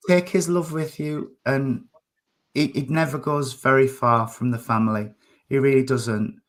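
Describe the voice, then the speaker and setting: A man's voice: mid-range voice, steady tone, a little slow. A man, working as a spiritualist medium and giving a hesitant, emotional reading during a church service, with many fillers.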